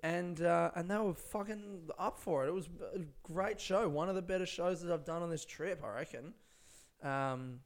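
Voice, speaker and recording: A man's voice: a little high, moderate pace. A young man, a stand-up comedian, rambling laid-back through a casual solo podcast on a close microphone, swearing often.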